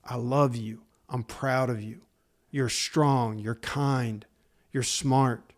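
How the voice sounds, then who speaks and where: A man's voice: medium pitch, fairly even intonation, takes it slowly. A middle-aged man hosting a podcast who gives fathers faith-based encouragement. He is earnest and emphatic and talks to listeners directly as "man" and "guys". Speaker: podcast host.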